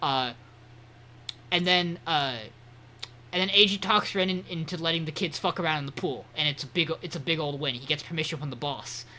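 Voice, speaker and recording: Bright-voiced man recapping anime casually. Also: fairly high pitch, fairly quick, slight background noise. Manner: rambling, swearing retelling of an episode. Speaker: podcast co-host.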